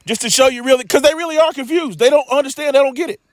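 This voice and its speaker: A man's voice: very high-pitched, very fast, no room sound, studio quality. A man teaching scripture in a loose sermon style, rambling and emphatic, with lots of stammering restarts and streetwise asides.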